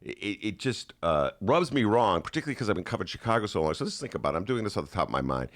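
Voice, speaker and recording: Male podcast host, low-ish and very lively, mocking commentary in a studio. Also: racing. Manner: animated, mocking, shifts into put-on voices. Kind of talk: sarcastic political commentary. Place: radio studio.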